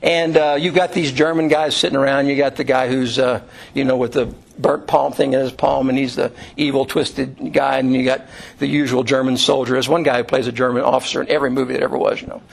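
A man's voice: mid-range voice, little pitch movement, brisk, creaky. A man preaching a sermon to his congregation, telling a story in a loose, conversational way with many fillers and restarts. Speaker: pastor. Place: church room.

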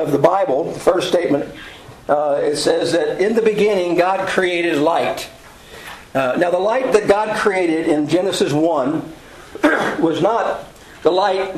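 A man teaching a casual Bible study lesson, pausing often with ums and uhs. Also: a little high. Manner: halting, many ums and uhs. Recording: roomy echo.

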